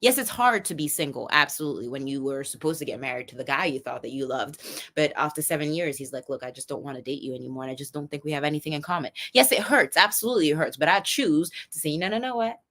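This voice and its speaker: A young adult woman giving a chatty motivational talk on a livestream, animated and quick to laugh, often restarting her sentences. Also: low voice.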